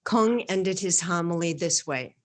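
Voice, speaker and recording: A woman guest reads a homily aloud with a fairly low voice. Her delivery is earnest and measured, and it builds to emphatic peaks.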